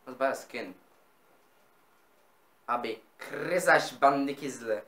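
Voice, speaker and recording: A man in casual gaming banter, excitable, swearing often and repeating himself while he plays. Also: mid-range voice, measured pace, roomy sound. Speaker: gamer.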